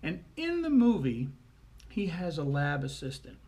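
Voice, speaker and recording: A man's voice: fairly high pitch, huge pitch swings, darkish tone. Folksy man telling family stories. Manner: folksy, chatty, with frequent "uh" pauses. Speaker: storyteller. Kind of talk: casual spoken anecdote.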